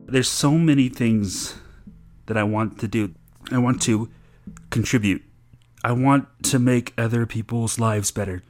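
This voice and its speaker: A man from Florida half-raps in loose rhymes, then drifts into relaxed, rambling talk. His sentences trail off and restart, with small laughs between thoughts. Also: medium pitch, measured pace, faint music behind. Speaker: contributor rapping about his day. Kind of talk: casual rap and chat.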